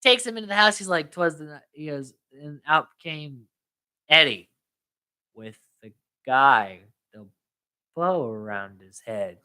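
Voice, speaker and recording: Recapping a film on a casual podcast she co-hosts, this woman retells scenes with animation, voicing many of the quotes herself. She speaks slowly in a low-sitting voice, with long pauses.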